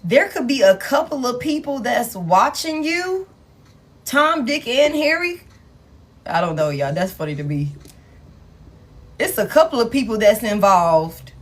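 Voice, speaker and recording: A woman tarot reader, chatting casually to viewers, laughing often and swearing as she acts out the people in her reading. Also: a little high. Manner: laughing, profane, playfully acts out quoted people.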